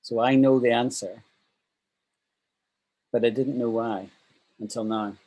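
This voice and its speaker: A man teaching an online English class, upbeat and thinking out loud as he explains. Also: medium pitch, steady tone, a little slow, low-quality recording.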